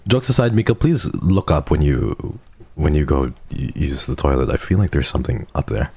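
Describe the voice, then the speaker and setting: A man's voice: rumbling low, lively intonation, normal speed, creaky, darkish tone, breathy edge, no echo. A man hosting a live stream, chatting casually with a guest, joking and swearing often. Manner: joking, profane, laughs often. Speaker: streamer host.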